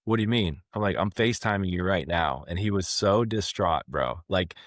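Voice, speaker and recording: A man's voice: sits low, fairly quick, hardly any pauses, no room sound, studio quality. A man, a company president telling stories in a casual podcast interview and acting out both sides of conversations. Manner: animated storyteller, acts out both sides of conversations.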